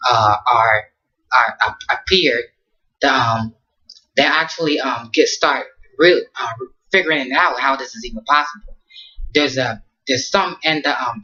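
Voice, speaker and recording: A man's voice: on the high side, pushed and bright, dull audio. A man casually recapping an anime episode in slangy talk, rambling with lots of ums and restarts. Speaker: anime reviewer.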